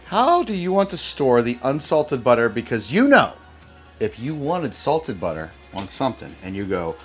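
A man chats casually on a cooking livestream, relaxed and joking as he reads off old recipes. His pitch swings widely, with lots of ups and downs. Faint music plays underneath. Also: normal speed. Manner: relaxed, jokey, lists items off. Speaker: cooking stream co-host. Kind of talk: casual chat while livestreaming.

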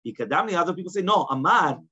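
Male Talmud teacher, fairly high husky voice, casual class, dull lo-fi recording. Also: animated, fast talker, pushed and bright. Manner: reads Aramaic lines, then explains them in plain English, often asking "right?".

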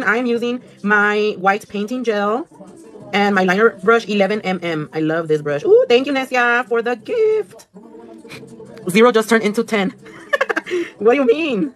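A woman with a mid-range voice talks at a normal speed, leaving long pauses, as she livestreams herself painting nails. She chats casually, swears freely, slips into Spanish and answers viewer comments while music plays behind her.

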